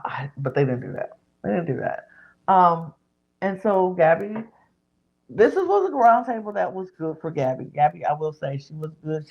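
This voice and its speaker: A woman's voice: sits low, creaky, husky, muffled recording. A woman hosting a podcast, retelling a reality show episode in casual chat and acting out what people said. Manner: animated retelling, acting out others' lines.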